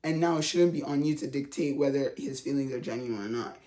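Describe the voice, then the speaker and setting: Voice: mid-range voice, a little fast, dark tone. A reality TV recap vlogger talking in a casual, slangy, chatty way with frequent laughs. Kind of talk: casual commentary.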